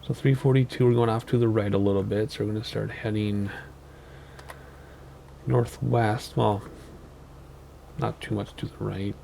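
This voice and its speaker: A man's voice: fairly low pitch, fairly even intonation, normal speed, creaky, long pauses, warm tone, a little hiss or hum. Tired, rambling man at gaming commentary. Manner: rambling, chatty, self-correcting with many ums. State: tired and sleep deprived. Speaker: flight sim gaming channel host. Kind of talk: casual gameplay commentary.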